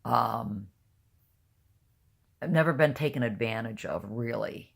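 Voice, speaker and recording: A woman's voice: a bass voice, moderate pace, creaky. An older woman talking casually to camera, blunt and rambling, openly emotional. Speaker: vlogger.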